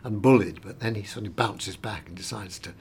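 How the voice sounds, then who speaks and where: A man's voice: lowish voice, brisk, slight background noise. A man interviewed as an actor, talking in a chatty, self-deprecating way and often stumbling over his first words. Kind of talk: casual interview chat.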